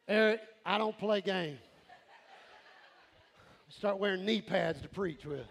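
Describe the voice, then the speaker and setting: A man preaches with a high, gravelly voice. His sermon is animated, and he often breaks into shouts. A long reverb from the sanctuary and a faint congregation sit behind him. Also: slow pace, slight background noise. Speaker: pastor. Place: large church sanctuary. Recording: crowd in a reverberant church hall.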